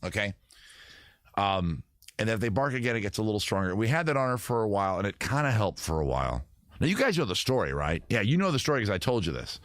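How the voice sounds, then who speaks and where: A man's voice: on the low side, very animated, fast talker, a bit bright, dry recording, clean studio sound. Stammering man hosting a live chat. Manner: stammering restarts, reads chat aloud. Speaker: show host. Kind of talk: casual live-stream chat.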